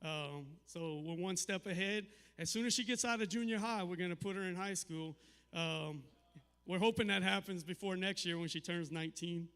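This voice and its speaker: A middle-aged man doing a stand-up set, telling crude family stories with deadpan punchlines. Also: sits high, normal speed, clear, resonant tone, big-room sound. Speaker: stand-up comedian. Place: live comedy venue.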